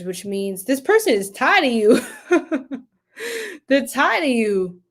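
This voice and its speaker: A woman's voice: a little high, very animated, slow pace, long pauses. A young woman giving a casual live tarot reading, chatty and giggly, talking to viewers in the chat. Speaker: tarot reader.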